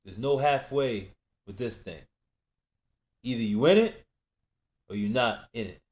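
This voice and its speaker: A man's voice: medium pitch, unhurried, a little mellow, close to an everyday voice. A man reading a novel aloud, voicing a menacing gang boss who taunts and persuades in a raised voice. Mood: persuading. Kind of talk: audiobook reading.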